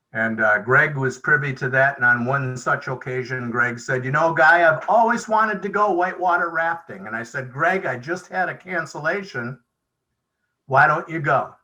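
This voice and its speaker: Man sharing at a recovery meeting on a video call; bright, forward voice; casual storyteller who voices the other people in his stories. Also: medium pitch, low-quality recording. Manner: conversational, acts out quoted dialogue. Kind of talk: storytelling share.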